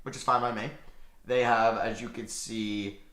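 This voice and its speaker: Young male streamer, excitable live-reaction host; bright, lively delivery, roomy echo. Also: lowish voice, a little slow. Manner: excitable, swings between shouting and muttering while reading chat. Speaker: livestream host.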